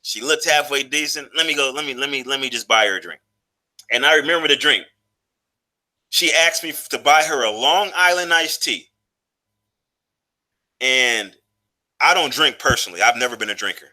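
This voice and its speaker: A man's voice: medium pitch, animated, moderate pace, long pauses, pushed and bright. A man in his thirties telling a personal story in a loose, profane, casual monologue, full of fillers and restarts. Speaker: vlogger.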